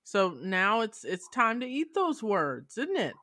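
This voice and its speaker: A woman's voice: mid-range voice, big pitch swings, a little slow, sharp tone, dry recording. A woman hosting a casual podcast chat, talking bluntly and swearing freely while she steers the group. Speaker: podcast host.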